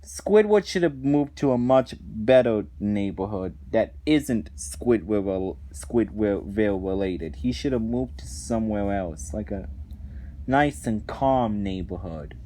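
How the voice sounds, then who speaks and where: Guy ranting about cartoons, slow drawn-out delivery, keeps restarting lines, real fed up. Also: fairly low pitch, animated, dark tone. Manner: indignant, exasperated, restarts phrases often. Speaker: reviewer of cartoon episodes. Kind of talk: ranting commentary.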